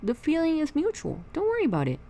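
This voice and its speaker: A young vlogger chats at home while doing her makeup, spinning an indignant get-ready-with-me storytime about friends at work. Her high voice moves fast, full of animated venting.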